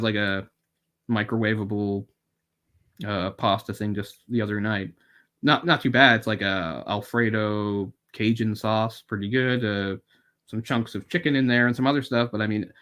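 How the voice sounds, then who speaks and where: A man's voice: lowish voice, moderate pace, fairly bright tone. Rambling wry man discussing a film. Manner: rambling, wry, swears casually. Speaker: podcast co-host.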